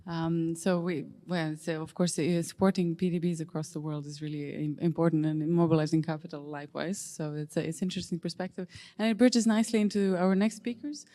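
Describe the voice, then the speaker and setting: A woman's voice: low voice, fairly even intonation, fairly quick, warm tone. A woman moderating a conference panel, introducing speakers politely with some hesitations.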